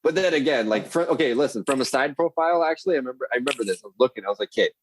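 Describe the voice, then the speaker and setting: A man's voice: medium pitch, very fast, a little hiss or hum, poor audio. A man, a podcast guest telling rambling, profane stories in casual chat. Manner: profane, rambling, animated storyteller.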